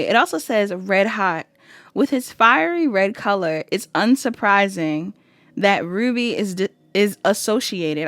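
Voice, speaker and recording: A chatty woman tarot reader speaking in a middle-pitched voice and addressing viewers directly as she reads. She often breaks off laughing at herself. The sound is dry and close, with no room echo. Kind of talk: casual pick-a-card reading.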